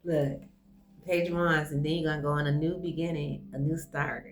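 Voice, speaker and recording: Speaking straight to the viewer, a woman gives an effusive, casual online tarot reading. Her voice is low-pitched and steady at a normal speed, and music plays clearly behind her.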